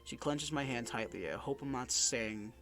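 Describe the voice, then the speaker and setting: A man's voice: mid-range voice, normal speed. A male gaming YouTuber reading a visual novel aloud in an emotional, earnest way, sometimes stumbling over his words. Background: background music.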